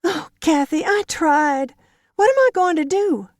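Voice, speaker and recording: A woman reads out a clingy young woman of twenty-five in an audiobook, her voice pitched way up and swinging wildly as she pleads and wails. It comes across close and dry. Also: animated, a little slow, dry recording. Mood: wailing. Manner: wailing, pleading, high and tearful.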